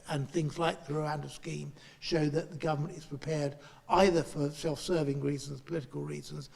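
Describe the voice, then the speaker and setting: A middle-aged man chairing a panel and giving a speech, halting and restarting often as he talks in a meeting room in Parliament. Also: a little high, creaky, darkish tone, husky, in a large hall. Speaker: chair and politician.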